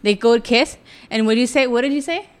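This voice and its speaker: A woman's voice: on the high side, quick pace, clear, resonant tone. Exasperated woman teasing her co-host. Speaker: podcast co-host. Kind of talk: casual banter.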